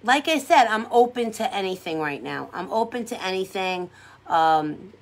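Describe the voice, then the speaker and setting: A woman's voice: mid-range voice, expressive, moderate pace. A woman from hosting a casual makeup livestream, chatting with viewers in a rambling, upbeat, encouraging way. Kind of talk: casual livestream chat reading comments.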